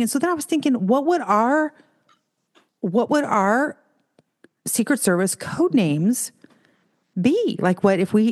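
A woman co-hosting a casual chat over a remote call, talking in an animated, storytelling way. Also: mid-range voice. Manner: chatty, animated storytelling with put-on quote voices.

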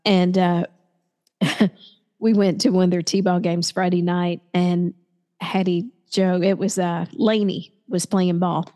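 A woman's voice: lowish voice, level tone, slow pace, dark tone, big-room sound. A woman from Tennessee, telling a family story in casual chat as a co-host and acting out the voices of people she quotes.

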